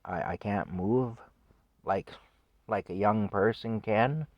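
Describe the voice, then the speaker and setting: A man in his fifties with a low voice delivers an indignant solo rant on his vlog. His talk is scornful, broken by wry chuckles. The sound is close and dry. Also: slow pace, no room sound, lo-fi sound. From Canada. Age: 50s. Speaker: vlogger. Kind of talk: solo opinion rant to camera.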